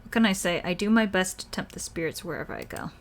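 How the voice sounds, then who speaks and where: A woman's voice: fairly low pitch, wildly swooping pitch, fast, gravelly, heavily acted. A woman voicing a cheeky young female ghost hunter in a video game, joking and offhand. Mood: teasing.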